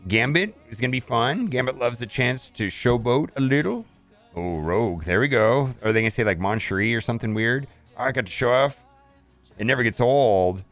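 A man's voice: medium pitch, expressive, fairly quick, a bit bright, soft background music. A man casually commenting on a mobile game as he plays, thinking aloud and often saying "all right".

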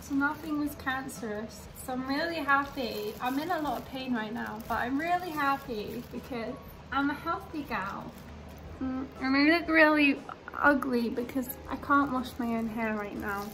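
A woman's voice: high-pitched, normal speed, a bit bright, slight background noise, poor audio. A young British woman talking openly and a little nervously in a casual video diary. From Britain. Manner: chatty and open, nervous. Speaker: vlogger.

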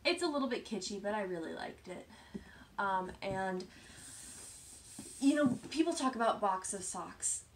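A woman's voice: mid-range voice, lively intonation, a little slow, pauses often, a little hiss or hum. Chatty woman hosting a knitting show. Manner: chatty, self-deprecating, drops to soft asides. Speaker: knitting podcast host. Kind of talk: casual show-and-tell chat.

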